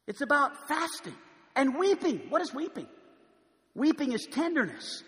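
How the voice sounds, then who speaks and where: A male preacher with a very high, bright, ringing voice delivers a sermon. He moves from hushed, pleading moments to loud, forceful proclamation. His voice carries with the long reverb of a large church hall. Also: expressive, a little slow, long pauses.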